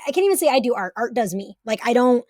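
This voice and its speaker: A woman's voice: a little high, sing-song, fast, a little mellow, no room sound, studio quality. A woman guest talking casually on a podcast, chatty and swearing freely, with many fillers. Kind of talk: casual chat.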